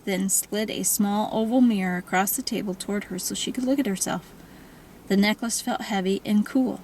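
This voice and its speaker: A woman narrating a novel in a calm, even storytelling manner. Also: mid-range voice, slight background noise, poor audio. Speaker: audiobook narrator.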